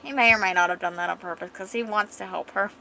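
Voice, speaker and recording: A woman streamer casually retelling a comic story as she draws, chatty and animated. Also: medium pitch, fast talker, creaky, slight background noise, low-quality recording. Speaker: art streamer. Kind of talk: casual storytelling while drawing.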